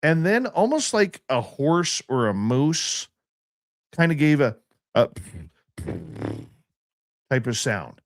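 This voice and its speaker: A man recounting an outdoor encounter in a radio interview, telling it in a slow, deliberate way. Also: fairly high pitch, sing-song, no room sound, studio quality. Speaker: guest recounting a field expedition.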